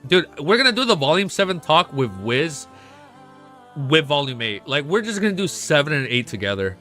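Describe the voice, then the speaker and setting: An excitable man chatting on a casual livestream, his pitch leaping up and down as he talks. His voice is bright and forceful, and faint music plays underneath. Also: normal speed. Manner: excitable, swears freely, jumps between high and low pitch. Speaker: livestream host. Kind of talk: casual stream chat.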